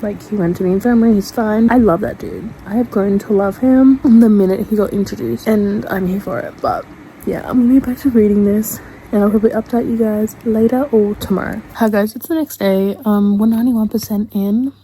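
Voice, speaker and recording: A young woman in a casual reading vlog, chatty and expressive, talking straight to her viewers. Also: mid-range voice, a little fast, a little hiss or hum, rough recording. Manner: chatty, expressive, swings into loud distressed reactions. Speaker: book vlogger.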